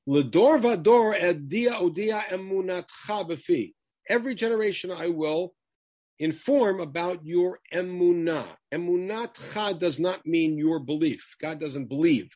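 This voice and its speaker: A man's voice: sits high, measured pace, a little mellow, no room sound. A man teaching a Torah lesson, quoting Hebrew verses and translating them emphatically. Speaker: Bible teacher.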